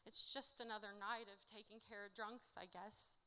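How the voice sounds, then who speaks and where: Bright-voiced woman rapping blunt, profane rhymes. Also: medium pitch, fairly even intonation, moderate pace, clear, resonant tone. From Indiana, United States. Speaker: performing artist. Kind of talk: live spoken-word rap performance. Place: theatre stage at a live show.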